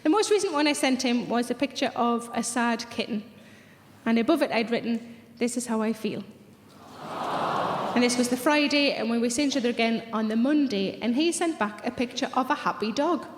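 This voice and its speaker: A woman's voice: fairly high pitch, brisk. A woman in her thirties telling chatty, bawdy stand-up stories. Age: 30s. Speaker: stand-up comedian. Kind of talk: stand-up comedy. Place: large theatre with audience. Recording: echoey theatre, audience noise.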